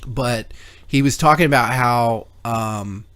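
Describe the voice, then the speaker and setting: A man's voice: mid-range voice, slow, a bit bright, clear, resonant tone. A man in his usual mid-range voice tells a long, rambling story on a call-in talk show. He swears freely and acts out both sides of conversations as he goes. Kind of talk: casual chat.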